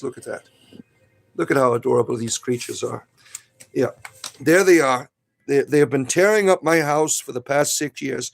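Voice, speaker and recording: A man's voice: fairly high pitch, creaky, darkish tone. A man hosting a casual livestream, rambling bluntly and jokingly, then cooing at his pet rabbits. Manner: rambling, blunt and jokey, coos at his pets. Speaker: spiritual comedy streamer.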